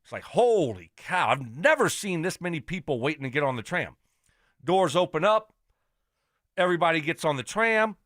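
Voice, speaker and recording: A man hosting a sports radio show, telling a story in an animated, exasperated rant. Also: fairly high pitch, moderate pace, no room sound, studio quality. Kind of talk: casual radio chat.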